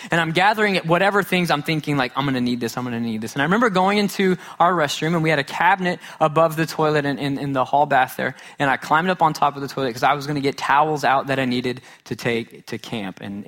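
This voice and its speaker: A man preaching a sermon, telling a funny childhood story with self-mocking humor, then dropping to a hushed, earnest tone. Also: medium pitch, fast talker. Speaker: pastor.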